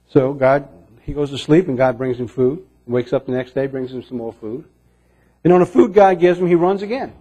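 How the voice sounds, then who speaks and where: A man preaching a sermon in an earnest way, moving between emphatic lines and hushed ones. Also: fairly high pitch, lively intonation, moderate pace. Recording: dull lo-fi recording.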